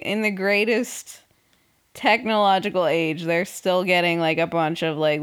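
Sarcastic young woman, slow and drawling. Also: mid-range voice. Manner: sarcastic, swearing, laughing often. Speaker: podcast host recapping a reality show. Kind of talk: casual chat.

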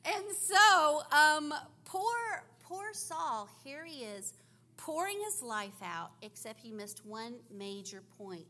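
A woman who grew up in Africa, telling a lively story in a church sermon for children, acting out the voices. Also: high voice, very slow. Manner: animated storytelling with acted-out voices. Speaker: teacher and preacher.

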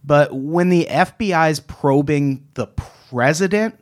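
A man's voice: a little high, unhurried. A man co-hosting a podcast in casual chat, opinionated and sarcastic. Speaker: podcast co-host.

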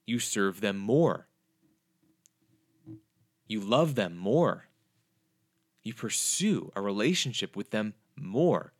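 A man's voice: mid-range voice, no room sound, studio quality. A young adult man teaching the Bible on a podcast, earnest, with emphatic, repetitive phrasing.

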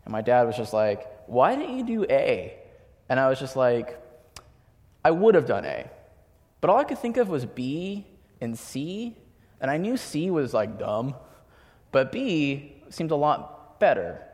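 A man's voice: medium pitch, very animated, unhurried, a little mellow. A young man giving a sermon, telling personal stories in a casual, chatty way with lots of filler words. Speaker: preacher. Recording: long hall reverb.

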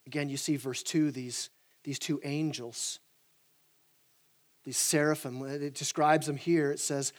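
A man preaching a sermon as the church pastor, animated and stumbling over repeated words as he starts his sentences. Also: a little high, measured pace, pauses often. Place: church sanctuary.

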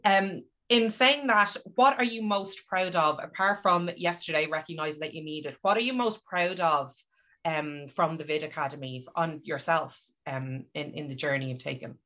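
A woman's voice: sits low, moderate pace, bright, forceful tone, dull audio. A woman hosting a podcast, asking open questions in a supportive way. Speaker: podcast host. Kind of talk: interviewing.

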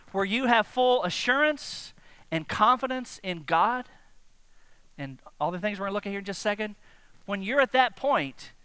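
Animated high-voiced male preacher. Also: clear, resonant tone, no room sound. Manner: animated, direct, asks the congregation questions. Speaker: pastor. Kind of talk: sermon.

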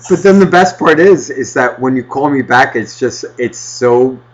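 A man co-hosting a podcast, ranting loudly and doing mocking impressions of a friend on the phone. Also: medium pitch, expressive, moderate pace, dull audio. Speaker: podcast co-host. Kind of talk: casual podcast banter.

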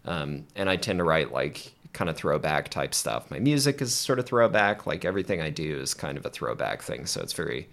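A man's voice: rumbling low, very animated, brisk, gravelly, hardly any pauses, a bit bright. A young man from Texas, a podcast guest, chatting casually and hesitantly with many fillers and restarts. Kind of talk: casual interview chat.

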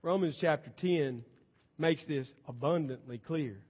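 A man preaching a sermon in a high voice, pressing his points hard and then dropping his volume low. The sound is dull and lo-fi, with a long reverb trailing through the church sanctuary. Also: a little slow, breathy edge. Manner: emphatic preaching, swinging between loud and soft. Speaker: pastor.

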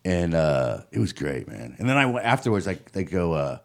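A man's voice: deep voice, normal speed, gravelly. A male comedian telling stories on a podcast in a studio, acting out what people said and laughing often. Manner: animated, laughing storyteller who acts out quotes. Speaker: comedian guest. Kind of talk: casual storytelling.

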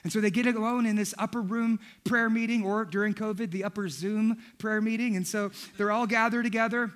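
A male pastor delivering a lively, humorous sermon, telling stories, acting out quotes and raising his voice for emphasis. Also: sits high, fairly quick. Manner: storytelling, acts out quotes, shouts for emphasis. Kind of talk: energetic comedic sermon.

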